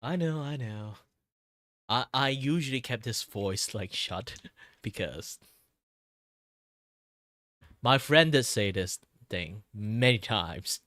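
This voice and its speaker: A man's voice: mid-range voice, expressive, slow pace, pauses often, a bit bright, dry recording, studio quality. A man streaming as a VTuber, chatting casually in a worn, tired voice, rambling with fillers and little chuckles. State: voice worn and tired from talking a lot. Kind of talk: casual chat with stream viewers.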